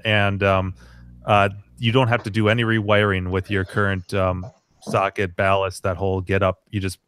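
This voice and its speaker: Laid-back low-voiced host man. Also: a bit bright, smooth, no echo, studio quality. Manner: laid-back, short affirmations, technical explanations. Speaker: podcast host. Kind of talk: casual chat.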